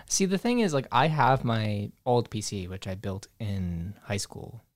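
A man's voice: fairly low pitch, measured pace, dry recording. Young guy ranting casually, lots of likes and fillers, dead dry mic. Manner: animated, swearing, rambling with many fillers. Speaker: podcast co-host. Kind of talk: casual chat.

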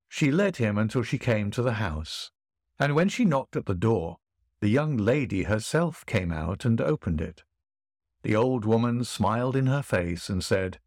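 A male narrator reads an old tale in a measured, dramatic style. His voice sits low but moves with a lively rise and fall, and the recording is dry and close. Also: dry recording. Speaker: podcast narrator. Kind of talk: storybook reading.

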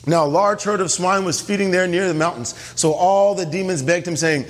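A man's voice: high-pitched, a little fast, hardly any pauses, in a large hall. A male pastor preaching a sermon in a church, emphatic and often asking the congregation questions.

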